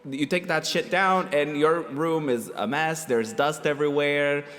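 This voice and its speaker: A man's voice: on the high side, measured pace, a bit bright, big-room sound. A man hosting a casual chat show, campy and playfully teasing. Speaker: host.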